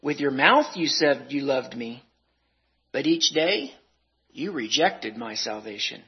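A man voicing a sorrowful, grave Jesus in a spoken sermon poem, quiet and solemn. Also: expressive, takes it slowly, slightly rough, exaggerated voice. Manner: low, quiet, solemn delivery. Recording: dull lo-fi recording.

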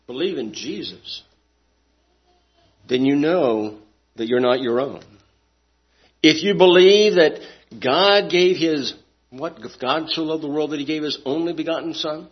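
A man's voice: on the high side, a little slow, long pauses. Emphatic preacher man, lo-fi recording. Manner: emphatic, rhetorical questions, swings loud and soft. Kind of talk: sermon. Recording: dull lo-fi sound.

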